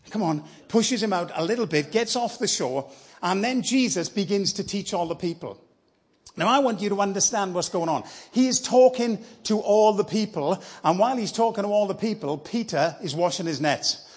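A man's voice: high-pitched, expressive, brisk, breathy edge. A man preaching as a guest speaker in church, telling a story in a conversational, encouraging way. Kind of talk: sermon.

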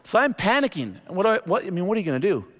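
A middle-aged man preaching a sermon as pastor, telling a story with animated energy. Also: high-pitched, very fast. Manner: animated storytelling, jumps into acted quotes. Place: church sanctuary. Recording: long reverb of a large hall.

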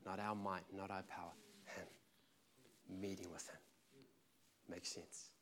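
A man's voice: low voice, little pitch movement, takes it slowly, a crowd in the background. A man preaching a sermon with passion and emphasis, telling a story to make his point.

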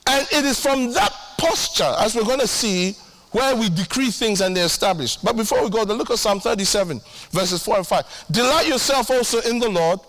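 A pastor with a high, bright voice preaches a sermon at a brisk clip. He's animated and emphatic, repeating lines and tossing in humorous asides where he acts out his own prayers.

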